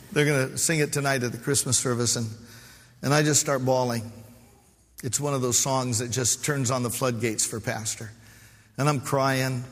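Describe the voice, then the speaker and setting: A man, a pastor, preaching a heartfelt sermon with calls to the congregation. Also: mid-range voice. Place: church hall. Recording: live sermon with long hall reverb.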